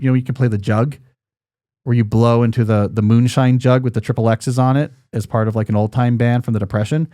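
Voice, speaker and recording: A man's voice: mid-range voice, dark tone, dry recording, clean studio sound. A man in his forties hosting a podcast in casual chat, rambling and joking, with lots of fillers and restarts. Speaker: podcast host.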